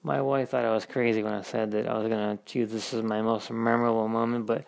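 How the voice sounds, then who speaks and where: Gravelly upbeat male caller. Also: fairly low pitch, little pitch movement, fast talker. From Florida, US. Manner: upbeat, chatty, with many fillers. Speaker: caller leaving a message. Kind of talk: recorded voice message.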